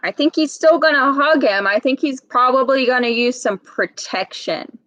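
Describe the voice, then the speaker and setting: A woman's voice: high-pitched, moderate pace, a bit bright, no room sound. A woman, a speech therapist, reads a picture book to young children and keeps asking them questions. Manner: patient, questioning, teacher-like. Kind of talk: interactive read-aloud lesson.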